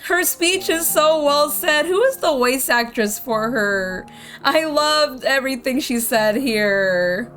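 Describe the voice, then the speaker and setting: A woman's voice: high voice, expressive, takes it slowly, fairly bright tone. Gushing woman streamer, rambling and heartfelt. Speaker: game streamer. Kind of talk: casual let's-play commentary. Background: faint game music.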